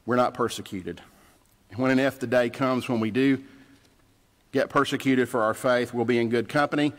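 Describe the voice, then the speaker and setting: Male pastor, mid-pitched voice, plainspoken sermon in a church with long echo. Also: steady tone, normal speed. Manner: conversational storytelling, plainspoken. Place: church sanctuary. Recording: church livestream with long reverb.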